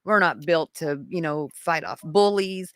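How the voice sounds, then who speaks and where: A woman guest on a podcast, telling a story in casual conversation, animated and rising to high exclamations. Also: a little slow, no echo.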